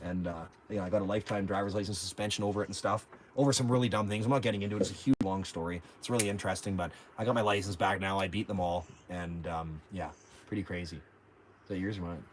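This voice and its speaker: A man's voice: low-pitched, steady tone, quick pace, a little hiss or hum. A man, telling stories in a brash, profane, rambling way on his livestream. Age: 40s. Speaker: livestream host. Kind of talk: casual storytelling chat.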